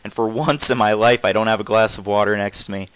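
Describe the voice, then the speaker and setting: A man's voice: fairly low pitch, steady tone, fast, fairly bright tone, clear, resonant tone, no echo, low-quality recording. A young man giving casual, rambling commentary over a video game, often stopping and restarting his thoughts. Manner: rambling, self-interrupting, trails off often. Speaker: gameplay commentator.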